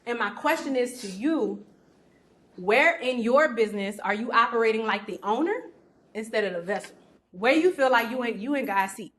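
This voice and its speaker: High-pitched woman teaching a session. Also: expressive, normal speed, fairly bright tone. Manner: preacherly, uses football analogies, asks the audience direct questions. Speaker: teacher leading a faith-based business session. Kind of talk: teaching with slides.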